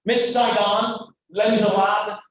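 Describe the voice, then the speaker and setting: A man from Louisiana giving a motivational storytelling speech, animated and acting out every character in his story. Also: high voice, measured pace. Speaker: guest speaker. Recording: echoey hall, mic far off, faint noise.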